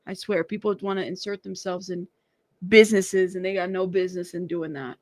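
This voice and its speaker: A woman's voice: on the low side, steady tone, fairly quick, a little mellow, dry recording, clean studio sound. A woman hosting a casual live stream, talking in a sassy, teasing way and laughing often. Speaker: live-stream news host.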